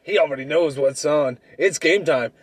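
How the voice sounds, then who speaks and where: A man's voice: on the high side, normal speed, slightly rough, dry recording. A young man in a comedic argument, stubborn and swearing as he pushes his point. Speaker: debater.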